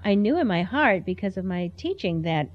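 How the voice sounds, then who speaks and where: A woman's voice: medium pitch, big pitch swings, moderate pace, dull audio. A woman sharing a heartfelt personal testimony in an earnest, storytelling way. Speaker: interview guest.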